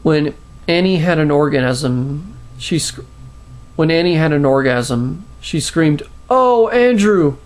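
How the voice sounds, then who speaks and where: A man reading his own short story aloud, halting with restarts and fillers. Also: a little high. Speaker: storyteller, channel host.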